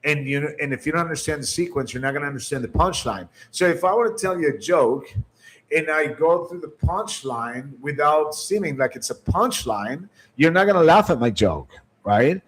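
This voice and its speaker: A man's voice: on the high side, animated, normal speed, fairly bright tone, breathy edge, low-quality recording. A man giving a coaching lecture on delivering a sales script, emphatic, repeating phrases and checking in with "right?". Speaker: sales trainer.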